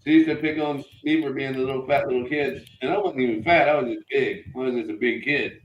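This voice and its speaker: A middle-aged man co-hosting a casual morning talk show, telling lively stories with laughter and putting on voices of the people in them. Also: mid-range voice, quick pace, reverberant, dull audio, a little hiss or hum. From Florida. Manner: animated, laughing, acts out voices in his stories. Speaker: co-host. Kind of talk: casual storytelling chat.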